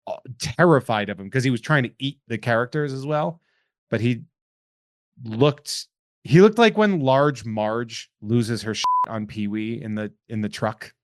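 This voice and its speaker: A man's voice: mid-range voice, lively intonation, unhurried, dry recording. Joking male podcast host, dry sound. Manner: rambling, jokey, self-deprecating. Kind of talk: casual chat.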